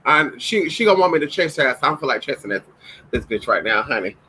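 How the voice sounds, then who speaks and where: A man's voice: mid-range voice, big pitch swings, quick pace, bright, forceful tone, slight background noise, poor audio. A man chatting casually in a home vlog, sassy and profane, talking to viewers and calling his dogs. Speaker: vlogger.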